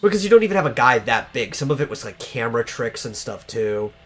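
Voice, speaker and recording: A man's voice: medium pitch, big pitch swings, fast, fairly bright tone, faint music behind. A man co-hosting a casual podcast chat, rambling with many fillers and restarts and swearing casually. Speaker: podcast co-host. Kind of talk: casual chat about movies.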